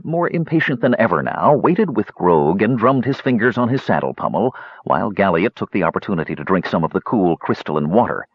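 A man giving expressive scripted narration of a fantasy audiobook in a dull lo-fi recording. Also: fairly low pitch, slightly rough, dry recording. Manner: expressive, does character voices.

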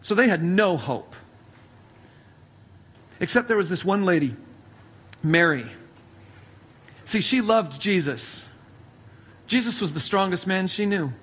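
A male pastor preaching a sermon, reading scripture aloud and then retelling it as a story, moving between hushed passages and emphatic ones. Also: sits high, expressive, takes it slowly, long pauses, slightly rough.

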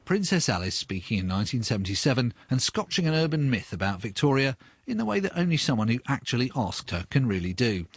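A man's voice: mid-range voice, very animated, fast, husky, no echo, clean studio sound. A man narrating a documentary with a wry, inquisitive manner. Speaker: podcast presenter.

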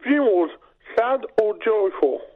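Radio sidekick, man, Birmingham accent, earnest, higher pitch, dull recording. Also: lively intonation, a little slow. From Birmingham, England. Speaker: radio co-host. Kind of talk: casual radio chat.

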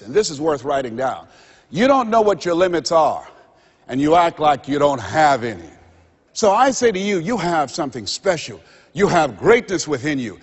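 A man's voice: sits high, slightly rough. A man giving a motivational seminar speech to a live audience, dramatic and preacher-like, acting out the voices in his stories. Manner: dramatic, acts out quoted voices, preacher-like build-ups. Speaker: motivational speaker. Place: stage in a large hall with a live audience. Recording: lo-fi recording in a large reverberant hall.

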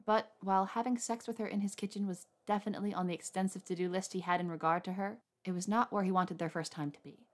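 A woman narrating a romance story aloud in a soft, unhurried reading voice. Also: mid-range voice, steady tone. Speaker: audiobook narrator.

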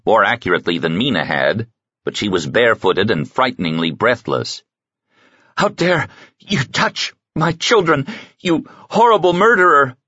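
A very deep-voiced man narrates an audiobook with lively, swinging intonation and a bright, husky edge. The recording is dry and close, with a dull, lo-fi sound. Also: dry recording. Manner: lively, dramatic storytelling. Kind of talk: scripted narration.

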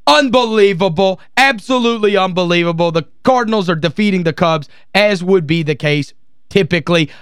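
High-voiced man hosting talk radio. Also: fairly quick, clear, resonant tone, no echo, studio quality. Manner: energetic, reads scores and takes calls. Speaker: radio show host.

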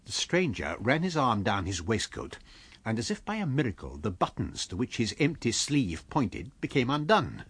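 A man reading a novel aloud as an audiobook narrator with expressive storytelling. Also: mid-range voice, normal speed, slightly rough, no room sound. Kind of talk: scripted narration.

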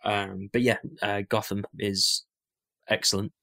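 Young guy co-hosting a podcast, lowish voice, rambly and chatty, lots of ums. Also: flat delivery, a little slow, gravelly, pushed and bright. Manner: rambling, chatty, many fillers and restarts. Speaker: podcast co-host. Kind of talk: casual chat.

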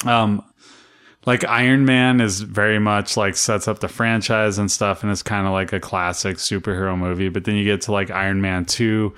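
A man's voice: on the low side, fairly even intonation, normal speed, fairly bright tone, clean tone. A young man in casual podcast chat, rambling with lots of "like" and "you know". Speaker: podcast co-host.

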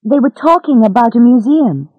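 Frightened young american girl, voiced by a woman reader, higher pitched, storybook, dull sound. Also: lively intonation, normal speed, breathy edge, no room sound.

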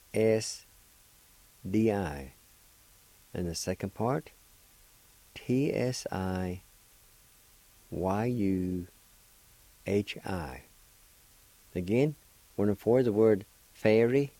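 A man hosting a radio language lesson, spelling out words letter by letter and repeating each pronunciation slowly and deliberately. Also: low-pitched, warm tone, no room sound, poor audio. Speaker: radio host teaching vocabulary.

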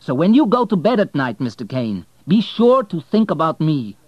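A man's voice: medium pitch, sing-song, brisk, no echo, highs cut off, voice pushed up, natural voice. A man reading an audiobook, voicing a proud, angry male hotelier with a heated, raised delivery. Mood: threatening.

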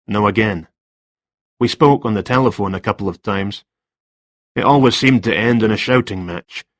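A man's voice: on the low side, normal speed, no echo, clean studio sound, lightly acted. A man doing a flustered, hesitant writer. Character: flustered middle-aged male writer.

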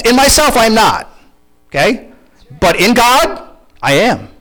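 Animated high-voiced male preacher. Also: rough recording. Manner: animated, conversational preaching with questions to the congregation. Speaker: pastor. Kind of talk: sermon.

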